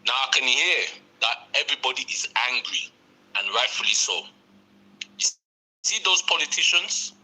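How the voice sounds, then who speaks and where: A man's voice: medium pitch, very animated, moderate pace, sharp tone, husky. A man calling in from abroad with a British-Nigerian accent, blunt and emphatic. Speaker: caller. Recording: tinny phone line.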